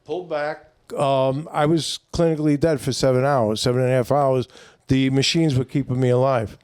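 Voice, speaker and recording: A middle-aged man with a New York accent, a comedian guest telling a long story in a rambling, animated way with lots of fillers. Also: mid-range voice, moderate pace, clear, resonant tone, dry recording, clean studio sound. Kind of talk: casual storytelling.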